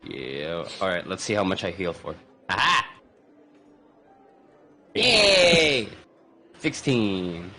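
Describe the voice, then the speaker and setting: A man playing a tabletop game, his voice sitting a bit low. He chats loosely, cracks jokes and swears casually. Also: animated, unhurried, hardly any pauses. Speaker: player.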